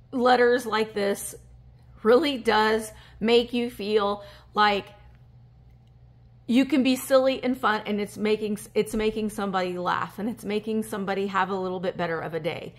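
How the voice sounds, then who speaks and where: A woman, chatting casually on a handheld phone vlog as she reads fan mail and opens a gift, emotional and gushing with breathy gasps. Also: medium pitch. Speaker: vintage reseller vlogger. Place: indoors at a table. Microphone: handheld phone camera.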